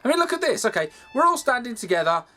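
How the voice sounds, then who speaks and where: A man reviewing a game from his home games room, swearing freely and sounding exasperated. His pitch swings widely as he rants, and his delivery is animated and full of mock outrage. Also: quick pace. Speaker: gaming video host. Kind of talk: ranting game review over gameplay.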